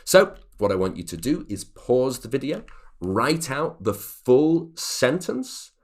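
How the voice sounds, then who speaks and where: A man teaching an English grammar lesson, explaining clearly and reading example sentences aloud. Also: mid-range voice, big pitch swings, slow.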